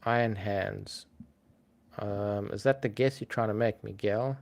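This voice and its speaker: A man hosting a casual livestream, talking to his chat in a relaxed, chatty way with frequent ums. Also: fairly low pitch, measured pace, creaky. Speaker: livestream host.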